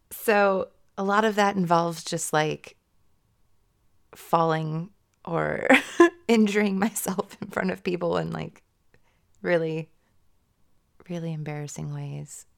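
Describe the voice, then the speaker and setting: Young woman, casual confessional chat; slow, fry-heavy, giggly and self-conscious. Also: fairly low pitch. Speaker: audio creator.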